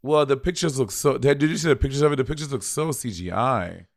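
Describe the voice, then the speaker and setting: Campy gravelly man in his thirties. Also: mid-range voice, fast, no echo, clean studio sound. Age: 30s. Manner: campy, blunt, swears freely. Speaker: podcast co-host. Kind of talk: casual chat.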